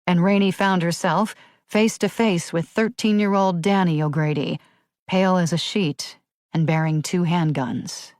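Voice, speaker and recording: Low-voiced woman narrating a thriller. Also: steady tone, unhurried, darkish tone, no room sound, clean studio sound. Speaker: audiobook narrator.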